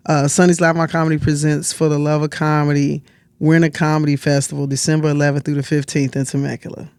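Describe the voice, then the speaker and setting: A man appears as a guest comedian on a podcast and speaks casually. He is promoting his show and spelling out the details. His pitch sits a little high, and the sound is dry and close. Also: clear, resonant tone, no echo. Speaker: guest, comedian and festival producer.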